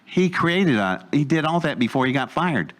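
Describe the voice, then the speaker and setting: A man's voice: a little high, sing-song, normal speed, fairly bright tone. A man casually telling a long story to an audience, acting out other people's lines and laughing between bits. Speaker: storyteller guest.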